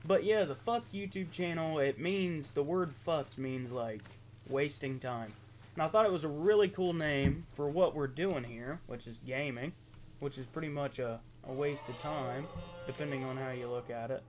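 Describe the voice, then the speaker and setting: A man's voice: on the high side, a little mellow. Young man, Appalachian accent, rambling gameplay talk, lots of ums, faint hiss behind. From southeastern Ohio, USA. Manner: rambling, halting, lots of ums and self-corrections. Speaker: gaming YouTuber. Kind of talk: casual gameplay commentary.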